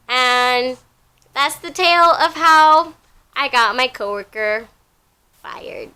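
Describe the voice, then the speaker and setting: A young woman casually retelling a workplace story, chatty and animated, with lots of filler words. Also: sits high, slow pace, clear, resonant tone. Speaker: storytime vlogger.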